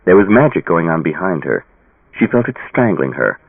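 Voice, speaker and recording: A man narrating an audiobook with a dramatic, expressive reading. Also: low voice, normal speed, gravelly, no room sound. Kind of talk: scripted narration. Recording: tinny phone-like audio.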